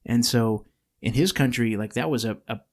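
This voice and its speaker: A man's voice: medium pitch, moderate pace. Rambling Californian man, podcast host. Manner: rambling, many restarts and fillers, laughs easily. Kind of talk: casual podcast chat. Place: studio.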